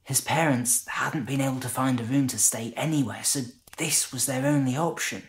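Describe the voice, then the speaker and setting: The actor's voice is natural and medium in pitch, moving at a moderate pace. Playing a humble shepherd, he delivers a reflective dramatic monologue about a night by the fire, speaking conversationally with hesitation and wonder.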